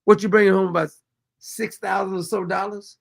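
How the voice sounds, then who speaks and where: A man's voice: high voice, level tone, a little fast, creaky. A man hosting a commentary show, reacting to clips with sarcastic, exasperated mockery and reading viewer comments aloud.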